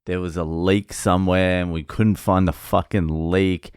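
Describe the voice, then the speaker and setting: A man with a low, smooth, resonant voice tells a blunt, swear-laden story about his day in a casual vlog. The sound is dry and close, with no room echo. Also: fairly even intonation, unhurried. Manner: profane, blunt, rambling storytelling. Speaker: vlogger recounting his work day.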